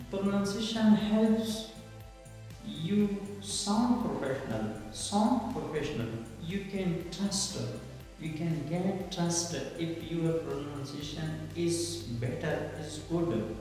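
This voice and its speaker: Slow, halting man in an echoey room. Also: sits high, a little mellow. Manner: halting, repeats phrases, frequent "uh" and "for example". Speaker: English pronunciation teacher. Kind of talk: explanatory online lesson. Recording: very echoey room with long reverb and faint music.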